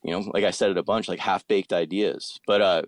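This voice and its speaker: Low-pitched and fairly even in intonation, this thirtysomething from around Philadelphia talks fairly quickly in a loose, cursing ramble. "Like" turns up in nearly every line of the casual chat, and there is no room sound.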